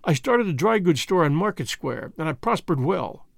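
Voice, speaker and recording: A man's voice: on the high side, sing-song, normal speed, vocal fry, no echo. Male narrator voicing older man, bitter and afraid, vehement; dry close sound. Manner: vehement, pleading, grave. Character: older man, fearful, bitter lodge brother.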